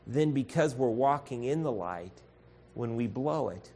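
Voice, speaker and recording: A man preaches a sermon as pastor, his mid-range voice animated and unhurried, with slight background noise behind him. He addresses his listeners earnestly and directly as "folks" and acts out voices that shout.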